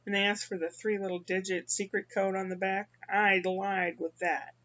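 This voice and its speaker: An older woman from the American Midwest, rambling through a casual personal monologue with halting restarts. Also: mid-range voice, level tone, a bit bright, highs cut off. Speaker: vlogger.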